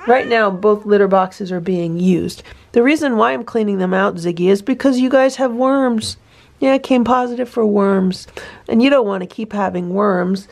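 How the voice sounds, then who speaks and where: Woman vlogger with a slightly gravelly voice. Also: mid-range voice, a little mellow. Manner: soothing, coaxing baby talk to a trapped cat. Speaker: cat rescuer vlogger. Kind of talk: casual vlog narration and talking to a cat.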